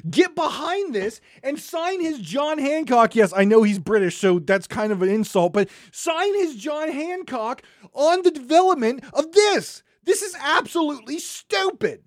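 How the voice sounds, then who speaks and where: A podcast host ranting angrily and sarcastically, swinging from shouting to muttering. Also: high voice, big pitch swings, normal speed, no echo, clean studio sound. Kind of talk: solo gaming podcast rant.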